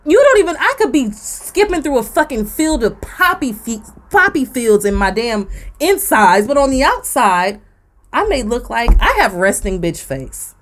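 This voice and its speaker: A woman's voice: on the high side, sing-song, moderate pace. A woman, co-hosting a podcast and ranting bluntly with profanity. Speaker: podcast co-host. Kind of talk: casual rant on a podcast.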